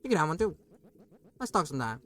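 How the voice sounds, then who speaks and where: A man's voice: on the high side, sing-song, fast. Brief: man playing a friendly, brassy elevator guy who calls everyone pal. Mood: chummy. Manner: chummy, louder, calls people pal. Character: friendly male elevator operator, laid-back union worker.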